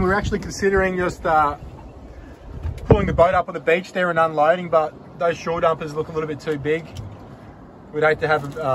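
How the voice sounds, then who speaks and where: Laid-back Australian guy, fairly high voice. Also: a bit bright, a little hiss or hum. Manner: laid-back, rambling, slangy. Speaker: fishing vlogger. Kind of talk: casual vlog narration.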